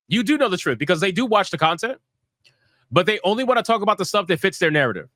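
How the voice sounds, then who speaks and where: Brash, bright-voiced male streamer. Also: high-pitched, big pitch swings, quick pace, no room sound, studio quality. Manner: profane, mocking, emphatic. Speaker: streamer host. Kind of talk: live stream commentary.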